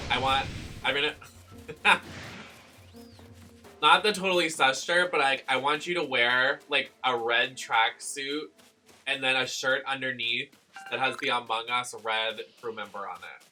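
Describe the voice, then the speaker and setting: A man from Boston with a Boston accent, chatting casually while streaming a game, greeting viewers and breaking into loud excited exclamations. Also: mid-range voice.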